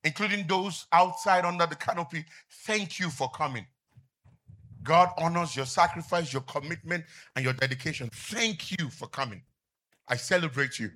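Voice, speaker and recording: A middle-aged man preaching a sermon as pastor, asking the congregation to finish his lines and rising to shouts. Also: fairly high pitch, normal speed. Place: church with outdoor canopy seating.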